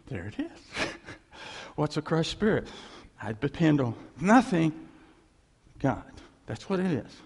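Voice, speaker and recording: Preaching slowly with long pauses, this pastor has a husky, gravelly voice and a very animated pitch. He keeps things conversational and wry, quoting God in a relaxed, offhand voice. His sermon echoes with the long reverb of a big hall.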